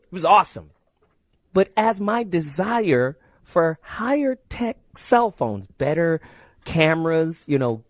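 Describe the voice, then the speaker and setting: Brief: middle-aged male radio host, animated swinging delivery, dry close studio mic, brash storyteller. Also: a little high, no room sound. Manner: brash, storytelling, repeats the call-in number. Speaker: radio talk show host. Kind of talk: late-night radio call-in talk. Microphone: studio microphone.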